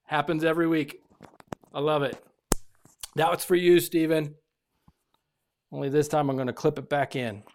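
A man preaching a sermon as pastor, animated and repeating phrases for emphasis. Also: on the high side, normal speed, pauses often, slight background noise.

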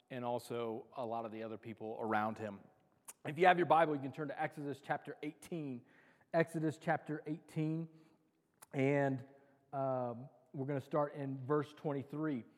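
A man's voice: mid-range voice, steady tone, moderate pace. A man preaching a casual sermon, chatty and self-deprecating, cracking jokes as he talks. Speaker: pastor. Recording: long reverb of a large hall.

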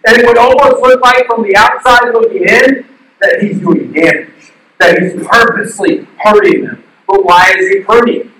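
A male pastor giving a sermon in an animated way, asking the crowd questions and acting out the quotes he tells. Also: high voice, normal speed, slight background noise. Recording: distant mic in a very echoey hall.

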